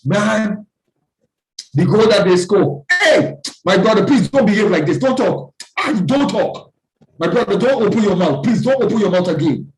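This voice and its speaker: A talk show host voicing excited adult male football fans who trade loud, rapid, mock-threatening banter. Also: very high voice, far from the mic, exaggerated voice. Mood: heated banter. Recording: roomy echo.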